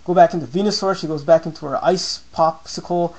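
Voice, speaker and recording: Talking fairly quickly with hardly any pauses, a young man casually recaps a game battle in a voice a little high for a man, with a breathy edge. When he quotes his reactions, he jumps into squeaky, excited asides. The recording is rough.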